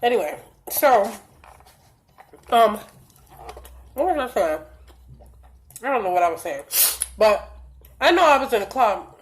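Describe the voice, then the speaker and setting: A young woman telling a blunt, profane storytime vlog with lots of animated retelling of dialogue, a little stuffy from allergies. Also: fairly high pitch, a little slow, pauses often. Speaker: vlogger.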